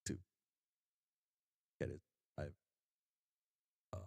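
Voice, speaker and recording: Deep voiced guy reacting to a webcomic, offhand and a bit sweary. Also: steady tone, slow pace, pauses often, no echo, clean studio sound. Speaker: webcomic read-along streamer. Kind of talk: casual first-read reaction commentary.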